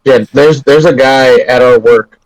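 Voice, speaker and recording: A man in a casual podcast chat, telling a halting anecdote. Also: medium pitch, fairly even intonation, a little mellow, no echo, poor audio.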